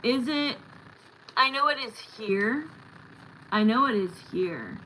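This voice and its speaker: Woman, middle-aged, live tarot host, casual blunt chat, slow pace, faint hum behind. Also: on the high side, animated, bright, forceful tone, rough recording. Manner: blunt, chatty, swears casually. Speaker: tarot reader hosting a live stream.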